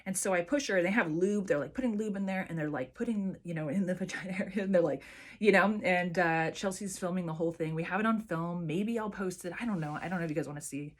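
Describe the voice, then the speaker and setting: A woman's voice: on the low side, fast talker. A woman vlogger chatting casually to camera and telling a personal story with lots of fillers and restarts.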